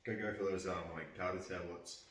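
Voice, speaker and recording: A young man chatting casually off camera, talking in a quiet, offhand, mumbled way. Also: sits low, fairly even intonation, brisk. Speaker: friend off camera. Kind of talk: casual chat. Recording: roomy, distant from the mic.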